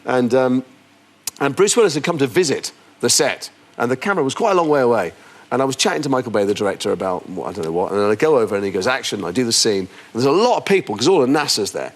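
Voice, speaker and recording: A man's voice: mid-range voice, fast. An English man, a guest actor on a chat show, telling anecdotes with stammering restarts. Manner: animated storyteller, stammering restarts.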